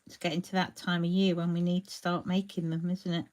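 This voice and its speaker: A woman's voice: lowish voice, little pitch movement, fairly quick, darkish tone. Lady doing a live craft demo, easygoing chatter, says hi to viewers by name. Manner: chatty, greets viewers by name while painting. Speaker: crafting demonstrator.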